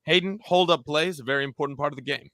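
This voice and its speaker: Young guy cohosting a footy watch along, bright punchy voice, dry close mic, jokey and blunt. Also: fairly high pitch, racing, no room sound. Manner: joking, teasing, blunt opinions. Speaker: co-host of a match watch-along. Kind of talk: casual sports banter.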